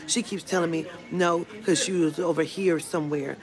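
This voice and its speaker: A woman's voice: on the low side, steady tone, normal speed, a crowd in the background. A woman vlogger telling a storytime rant in a blunt, profane way. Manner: blunt and profane, retelling a run-in. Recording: music playing under the voice.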